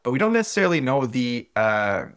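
A man's voice: mid-range voice, very animated, a little fast, fairly bright tone, smooth. A man co-hosting a podcast in casual chat, easygoing and hesitant, swearing now and then. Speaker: podcast co-host.

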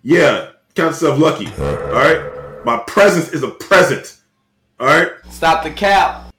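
A man's voice: a little high, big pitch swings, measured pace, a bit bright. A young man co-hosting a podcast, bantering casually and teasing his friend with playful indignation. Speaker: podcast co-host. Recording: roomy echo.

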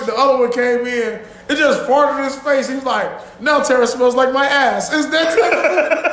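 A man with a very high voice hosts a casual podcast, rambling through stories with bursts of laughter and plenty of swearing. The room is echoey, with a faint hum of ambience behind him. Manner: loud, laughing, profane storytelling. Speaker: podcast host.

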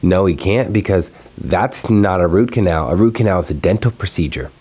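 Young man, lowish voice, exasperated profane rant, casual video commentary, alone at home. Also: moderate pace, slightly rough. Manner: profane, exasperated, animated ranting. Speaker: video host. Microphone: recorded alone at home.

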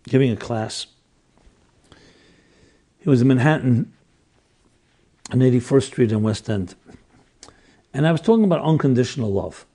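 Gravelly older man telling a story. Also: mid-range voice, dark tone. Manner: earnest, reflective, restarts mid-sentence. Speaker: rabbi teaching classes. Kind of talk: storytelling lecture.

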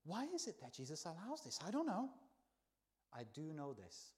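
A man preaching a sermon in a church, telling the story with lively swings between soft, hushed lines and loud exclaims. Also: a little high, normal speed. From not from the country where he preaches.

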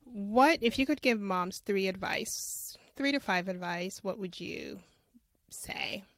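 A woman's voice: mid-range voice, slow pace, dry recording. A woman hosting a podcast in a casual interview, reflective and repeating words for emphasis. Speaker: podcast host.

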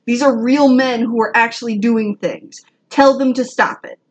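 A woman's voice: a little high, fairly even intonation, moderate pace, breathy edge. A woman co-hosting a casual podcast chat, emphatic and outspoken, swearing now and then. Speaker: podcast co-host.

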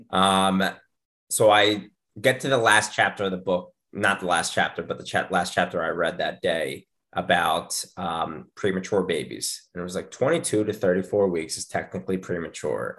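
In a casual podcast chat, a man in his thirties recounts a story with lots of energy. He performs the quoted lines himself, his pitch jumping dramatically.

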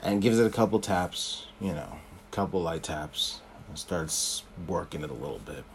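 Low-voiced man chatting about a film. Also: sing-song, moderate pace, vocal fry, a little hiss or hum. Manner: conversational, frequent ums and restarts, retells scenes. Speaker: podcast host. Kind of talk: casual film commentary.

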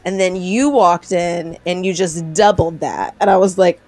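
Young woman, from South Carolina, animated storyteller, laughing often, faint music behind. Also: fairly low pitch, a little slow, few pauses. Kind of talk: casual chat.

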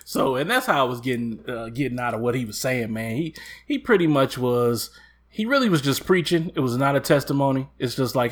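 A man co-hosting a casual chat, telling stories with lively acted-out quotes and laughter. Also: medium pitch, brisk. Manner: animated, acts out quotes with loud jumps and laughs. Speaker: podcast co-host.

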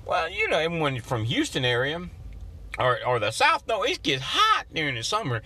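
A man's voice: fairly high pitch, wildly swooping pitch, moderate pace, pushed and bright. A man hosting a motivational podcast, talking in a folksy, preacherly way and acting out his own inner voices. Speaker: podcast host.

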